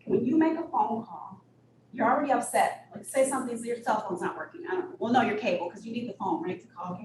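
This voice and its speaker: A woman executive director telling candid stories in an interview, blunt and animated, with sudden high-pitched bursts. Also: fast. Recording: echoey room, distant mic, audible noise.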